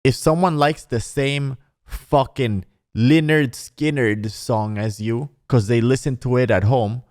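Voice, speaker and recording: A man's voice: mid-range voice, darkish tone, no echo, studio quality. A man hosting a podcast, ranting sarcastically with lots of swearing, calling the listener bro and mocking people in exaggerated put-on voices. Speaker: podcast host. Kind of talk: casual podcast rant.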